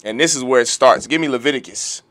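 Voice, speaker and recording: A man's voice: medium pitch, quick pace, a bit bright. A man teaching a religious law class, preaching emphatically and firing off rhetorical questions. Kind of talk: lecture-style sermon.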